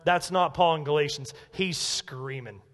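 A pastor with a high-pitched voice delivers an animated, emphatic sermon, going quiet and low before building to loud declarations. He speaks a little slowly, and the church sanctuary gives his voice a long reverb.

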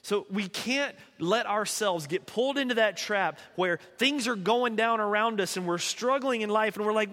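A man's voice: high voice, normal speed, hardly any pauses, fairly bright tone, long reverb tail. A man preaching a sermon in a conversational storytelling way, casually voicing the people in his story.

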